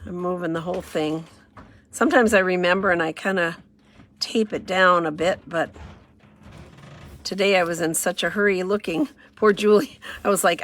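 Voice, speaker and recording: A woman's voice: fairly low pitch, normal speed, pauses often, fairly bright tone. Chatty woman demonstrating a craft. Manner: chatty, self-deprecating, thinks aloud. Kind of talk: casual crafting demo.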